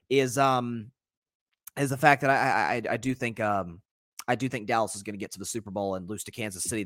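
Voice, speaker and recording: A man hosting a casual solo sports podcast, talking in an animated, rambling way with many restarts. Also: mid-range voice, no echo, studio quality. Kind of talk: casual solo sports commentary reading live comments.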